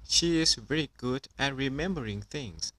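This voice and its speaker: A man's voice: medium pitch, expressive, normal speed, pushed and bright. A man doing a doting old granny pig. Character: kindly grandmother pig.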